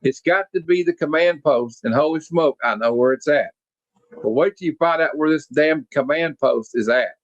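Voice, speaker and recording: A man voicing a brash, cocky young tank driver in an excited, plain voice. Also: on the high side, moderate pace, no room sound, highs cut off, lightly acted.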